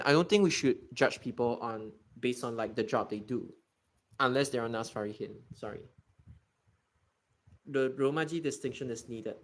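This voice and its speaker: A man's voice: mid-range voice, a bit bright. A man from Singapore streaming a geography game, chatting casually and ranting about how people pronounce words. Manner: ranting, exasperated about pronunciation. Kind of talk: casual gaming commentary, reading chat.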